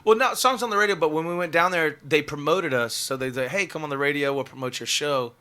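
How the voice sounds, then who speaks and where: Fast, bright-voiced excitable young man. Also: fairly high pitch. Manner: excitable, rambling, full of filler words. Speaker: guest musician. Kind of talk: casual storytelling in a podcast interview.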